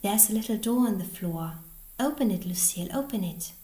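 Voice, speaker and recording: A woman's voice: mid-range voice, animated, fairly quick, dark tone, lightly acted. A woman reading the part of a cheeky, brave boy from long ago, in a roomy-sounding recording. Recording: roomy echo.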